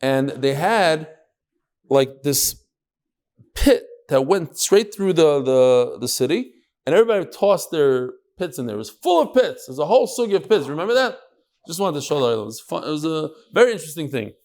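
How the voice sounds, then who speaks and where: A man's voice: on the high side, very animated, moderate pace, darkish tone. A man gives a Talmud class. He talks in a chatty way and jokes in asides between his readings of the text. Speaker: Talmud teacher. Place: classroom with live audience.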